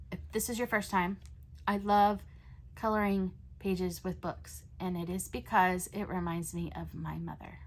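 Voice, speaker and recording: A woman's voice: on the low side, slight background noise. A woman hosting a coloring channel, chatting casually with many fillers and restarts. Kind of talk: casual chat.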